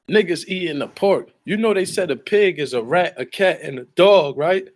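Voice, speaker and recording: A man's voice: high-pitched, normal speed, dry recording. A man from the Baltimore area delivering a profane, boastful monologue full of slang and combative trash talk. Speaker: online commentator.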